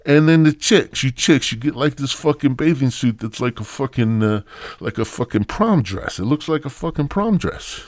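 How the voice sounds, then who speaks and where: A man hosting a podcast, delivering a crude, profane comic rant that swings from loud mockery to low mumbling. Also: lively intonation, normal speed, dry recording, clean studio sound. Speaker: podcast host.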